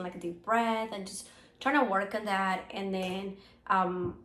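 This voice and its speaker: A woman's voice: mid-range voice, fairly bright tone, a little hiss or hum. Chatty sick woman in a roomy room. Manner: rambling, many fillers. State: sick, hoarse voice. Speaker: podcast co-host. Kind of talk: casual chat.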